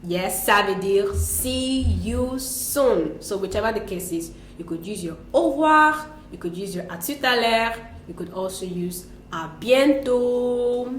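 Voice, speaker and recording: A woman teaching French greetings in a relaxed lesson, patiently explaining and repeating example phrases. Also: mid-range voice, a little slow, few pauses, reverberant. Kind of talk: conversational language lesson.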